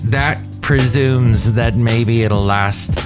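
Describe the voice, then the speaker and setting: A man's voice: medium pitch, fairly even intonation, extremely slow, over music. A man hosting a podcast, telling rambling, playful stories in casual chat at a cafe. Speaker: podcast host.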